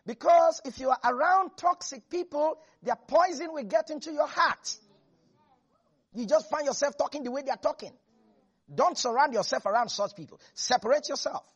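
A man preaching a lively sermon who acts out biblical figures and laughs often. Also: very high voice, moderate pace, dull audio.

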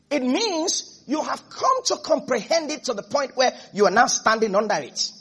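A male pastor with a very high voice, preaching a sermon. He repeats his points with emphasis and keeps checking in with the congregation. His tone is husky and a little breathy. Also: sing-song, moderate pace, hardly any pauses, a bit bright.

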